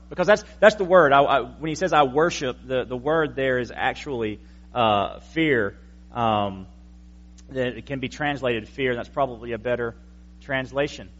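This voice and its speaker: A man's voice: mid-range voice, moderate pace, a bit bright, muffled recording. A male pastor giving a conversational teaching sermon with wry asides to the congregation. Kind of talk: explanatory evening sermon.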